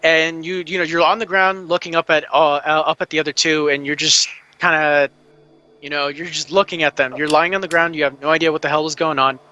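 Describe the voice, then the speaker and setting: Male game master, bright and high-ish tone, loose halting narration. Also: flat delivery, clear, resonant tone, lo-fi sound. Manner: halting, filler-heavy narration. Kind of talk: narrating a tabletop game online.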